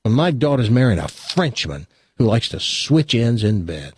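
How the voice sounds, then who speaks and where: Guy doing a stubborn overprotective dad in a joke, husky, stops and starts a lot. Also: mid-range voice, sing-song, a little mellow. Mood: stern. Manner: earnest, halting, repeats himself. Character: protective middle-aged father, blunt, stubborn.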